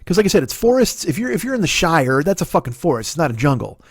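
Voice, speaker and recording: A middle-aged male comedian rants fast and high, his pitch leaping all over as he argues with himself in a rambling, profane stream. The sound is dry and close, with no room echo. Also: very animated, breathy edge. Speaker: comedian and podcast host. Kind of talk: solo comedic rant. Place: at home.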